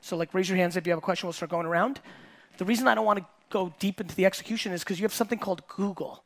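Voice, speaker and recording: A middle-aged man with a high voice speaks to a live audience. His delivery is blunt and punchy, and he swears casually and repeats key lines for emphasis. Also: very fast, a bit bright. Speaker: entrepreneur and host. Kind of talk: keynote talk to a live audience.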